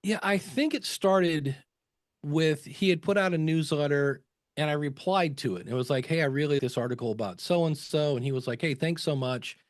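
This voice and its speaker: A man guesting on a podcast, telling relaxed stories and acting out quotes from other people. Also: fairly high pitch, moderate pace, no echo, clean studio sound. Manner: chatty anecdotes with acted quotes. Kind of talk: conversational interview storytelling.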